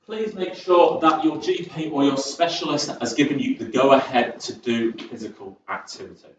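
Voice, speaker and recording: Chatty fitness instructor. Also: male voice, medium pitch, moderate pace, a little hiss or hum. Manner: chatty, encouraging, rambling asides. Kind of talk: chair exercise class instruction. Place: community sports centre. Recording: echoey hall, distant, dull sound.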